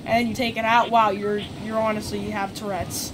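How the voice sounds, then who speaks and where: A woman streaming a live game, ranting profanely in frustration and breaking into sudden shouts. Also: mid-range voice, little pitch movement, brisk. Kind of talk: live gameplay commentary. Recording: noisy background.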